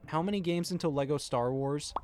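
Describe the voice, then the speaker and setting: A man giving scripted comedic narration with deadpan, sarcastic delivery. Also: a little high, brisk, soft background music. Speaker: video essayist.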